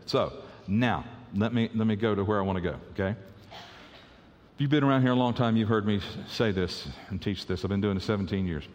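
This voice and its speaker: A man's voice: on the low side, normal speed, a little mellow, big-room sound, a little hiss or hum. A male pastor preaching a conversational sermon, often repeating words as he restarts his sentences.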